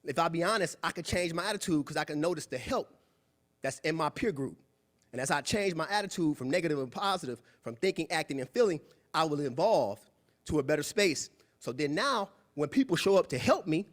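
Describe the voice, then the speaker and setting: Young guy preaching motivation at a meeting, kinda high voice, really animated. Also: brisk. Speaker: guest speaker. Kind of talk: motivational talk at a club meeting. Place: meeting room.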